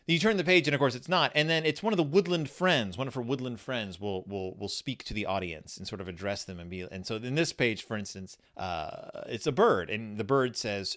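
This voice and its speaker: A man's voice: medium pitch, big pitch swings, a little fast, a bit bright. A man in his forties giving a chatty, amused review of a children's picture book, full of rambling asides. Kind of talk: casual book commentary.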